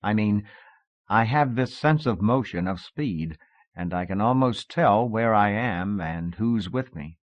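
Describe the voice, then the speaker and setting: A man reading an audiobook voices a restless, joking young man, close to his own low reading voice, on a dull cassette recording. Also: expressive, measured pace, no echo.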